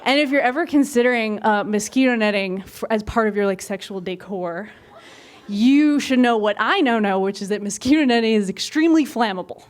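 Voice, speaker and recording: A young woman telling a comic true story on stage to a live audience, candid and lively, and she acts out the quoted voices. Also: a little high, fairly quick.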